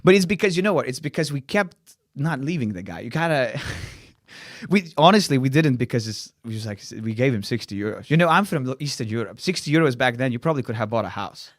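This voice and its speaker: A man's voice: medium pitch, lively intonation, fairly quick, no room sound, studio quality. A young man from Lithuania with a Lithuanian accent, a comedian telling a wild story in casual chat, acting out quotes and laughing often. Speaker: comedian guest.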